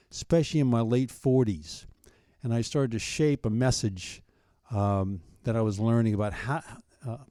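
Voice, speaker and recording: A man in his fifties with a warm, mellow voice, recorded dry and close. He answers interview questions thoughtfully and earnestly, often restarting a phrase before he finishes it. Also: medium pitch, no echo. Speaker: guest, founder of a coaching ministry.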